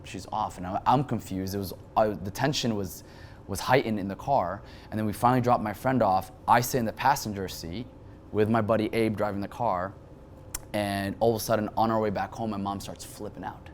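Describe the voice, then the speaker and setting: Animated young man telling a story. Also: lowish voice, slight background noise. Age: 20s. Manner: animated, quick bursts with frequent restarts. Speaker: guest. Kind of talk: emotional storytelling in an interview.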